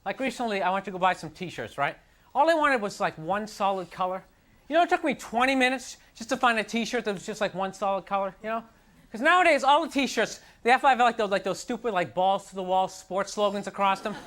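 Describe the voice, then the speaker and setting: On a club stage, a man does a stand-up routine, ranting in a frustrated, self-mocking way and slipping into mocking voices. His voice is high and a bit bright, with lively intonation and a slightly fast pace. The live club recording carries crowd noise and audience laughter.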